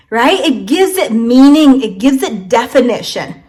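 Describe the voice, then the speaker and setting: High-voiced woman teaching English lessons. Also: very animated, normal speed. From Vietnam. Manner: encouraging, checks in with "okay?" and "right?" after many phrases. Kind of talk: casual online English lesson.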